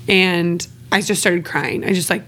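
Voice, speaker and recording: A woman's voice: lowish voice, unhurried, a bit bright. A woman co-hosting a podcast, talking openly and casually, swearing freely and laughing between phrases. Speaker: podcast co-host. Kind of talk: candid casual podcast chat.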